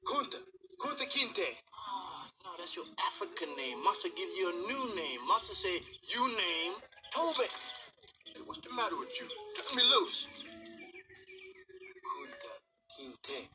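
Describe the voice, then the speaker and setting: A wily, bossy old plantation fiddler in a film, his voice pitched high and bright. He drags out his words in a thick rural drawl and repeats himself to drill a lesson home. A film score plays under him. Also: big pitch swings, over music. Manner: heavy rural Southern dialect, drawn-out teaching repetitions. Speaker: film character.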